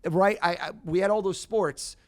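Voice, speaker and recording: Theatrical mentalist man, swings loud. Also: high voice, normal speed. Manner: theatrical, rising to loud excited bursts. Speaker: mentalist guest. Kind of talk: live mind-reading performance.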